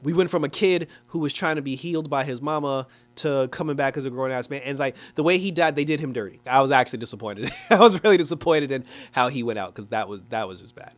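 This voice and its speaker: A man giving a casual, animated review of a TV episode, talking loosely with lots of "like" and quick laughs. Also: fairly high pitch. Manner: animated, chatty, frequent "like" and laughs; acts out characters in exaggerated quoted voices. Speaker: TV show reviewer.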